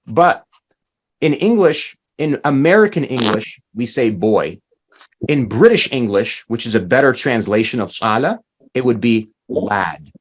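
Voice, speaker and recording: A man's voice: mid-range voice, a little hiss or hum. Guy teaching a language class on a video call, patient, bouncy voice, lots of "right?". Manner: explains patiently with many "right?" checks.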